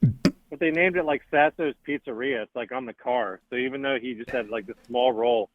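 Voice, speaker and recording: A man co-hosting a podcast in casual chat, teasing and needling his partner in a deadpan way. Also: medium pitch, a little fast, narrow, tinny audio. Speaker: podcast co-host.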